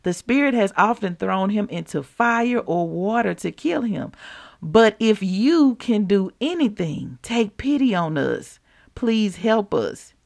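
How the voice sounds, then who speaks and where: Gravelly woman preaching to listeners. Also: mid-range voice, takes it slowly. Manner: animated, laughs often, addresses listeners as y'all. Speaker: podcast host and preacher. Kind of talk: devotional teaching with scripture reading.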